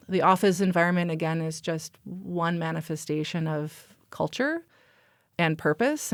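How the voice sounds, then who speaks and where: A woman's voice: lowish voice, dry recording, clean studio sound. A woman guest in a casual interview, talking through her ideas in a chatty way with many "like" fillers. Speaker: workplace strategy executive, guest.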